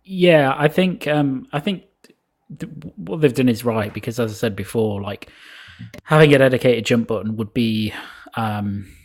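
A man co-hosting a casual game chat, hesitant with many ums and trailing off quietly. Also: mid-range voice, unhurried. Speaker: podcast co-host.

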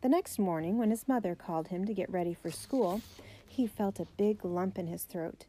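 A woman narrating a children's biography aloud, steady and gentle. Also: medium pitch, moderate pace, slight background noise.

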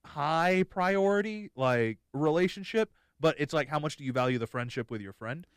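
A man's voice: fairly high pitch, expressive, moderate pace, clear, resonant tone, no echo, clean studio sound. A young man hosting a podcast in casual chat, rambling and joking with many restarts. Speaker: podcast host.

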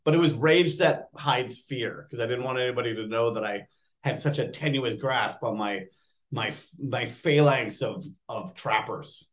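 A man, an actor, chatting casually in an interview and telling lively stories. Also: mid-range voice, normal speed. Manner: animated storyteller, acts out quotes. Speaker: actor guest.

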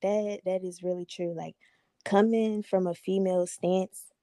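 A young woman hosting a podcast, telling a personal story in a candid, profane, animated way. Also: on the low side, measured pace, dry recording, clean studio sound. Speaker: podcast host. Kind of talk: casual storytelling chat.

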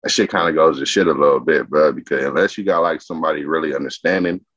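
A man who works as an executive chef, chatting as a podcast guest and telling animated stories full of slang and swearing. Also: a bass voice, fast talker. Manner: animated storytelling heavy with slang and profanity. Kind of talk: casual interview chat. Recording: dull lo-fi podcast audio.

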